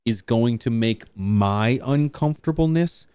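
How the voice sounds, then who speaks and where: In a relaxed livestream, a man from a small rural town jokes around with his partner and viewers, rambling and poking fun at himself. His mid-range voice is mellow and clean, a little slow, with lively intonation and no echo.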